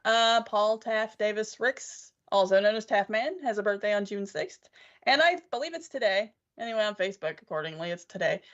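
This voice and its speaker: A woman co-hosting a casual podcast, easygoing and quick to laugh. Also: medium pitch. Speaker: podcast co-host. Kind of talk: casual live podcast chat. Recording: muffled lo-fi call audio.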